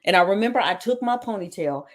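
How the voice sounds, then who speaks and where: A woman's voice: mid-range voice, lively intonation, fast. A woman talk show host telling her own story as a personal testimony, dramatically retelling events and quoting what people said. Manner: dramatic retelling with quoted dialogue.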